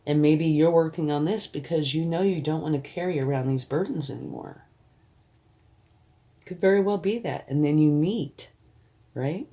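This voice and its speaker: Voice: medium pitch, moderate pace, warm tone. A tarot reader giving a reading to the viewer, reassuring and often checking in, thinking aloud while turning cards.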